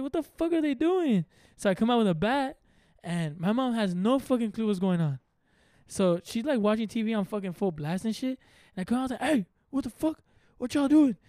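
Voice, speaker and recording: A man's voice: high voice, clear, resonant tone, no echo, clean studio sound. A man in his early twenties, co-hosting a casual podcast, telling stories with lots of swearing and acted-out quotes. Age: early 20s. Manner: profane, animated storytelling with acted-out quotes. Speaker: podcast co-host.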